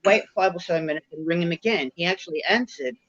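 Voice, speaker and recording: A man's voice: on the high side, quick pace, a bit bright, no room sound, highs cut off. A man telling a story on a call, rambling and hesitant, with bursts of swearing.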